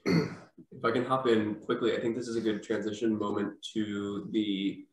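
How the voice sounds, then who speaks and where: A man's voice: fairly low pitch, flat delivery, normal speed, a little mellow, slight background noise. A man hosting a podcast who asks long, thoughtful, searching questions. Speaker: podcast host. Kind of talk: casual podcast interview. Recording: echoey room, distant from mic.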